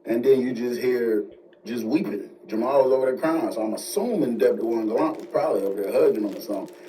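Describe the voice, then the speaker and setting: A man telling a jailhouse-style story in casual, animated slang. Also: medium pitch. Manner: animated, slangy, fast asides. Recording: distant mic with faint noise.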